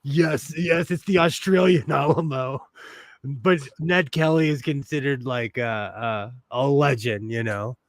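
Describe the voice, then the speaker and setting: A man's voice: medium pitch, measured pace, dry recording. A man, hosting a casual livestream while he sews, rambling and sentimental with lots of fillers. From United States. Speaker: host.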